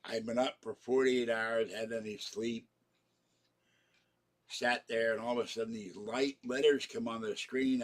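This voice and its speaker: A man's voice: mid-range voice, darkish tone. An older man hosting a live stream, rambling through strong opinions in a grumbling, casual way. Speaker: channel host.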